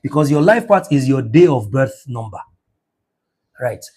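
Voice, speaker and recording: A man teaching numerology in an emphatic, preacher-like motivational lecture, his voice rising to near shouts. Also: medium pitch, lively intonation, unhurried, husky.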